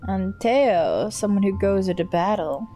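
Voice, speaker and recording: During a casual let's play, a woman reads the game's lines out loud, translates them, and cracks swearing jokes in between. She speaks unhurriedly in a warm, medium-pitched voice with lively intonation. Game music is faintly audible.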